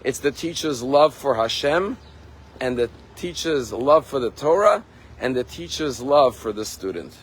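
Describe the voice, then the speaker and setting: A rabbi giving a sermon, telling a story in an earnest, emphatic way. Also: male voice, medium pitch, expressive, a little slow, husky, poor audio. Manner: earnest, emphatic, acts out quotes.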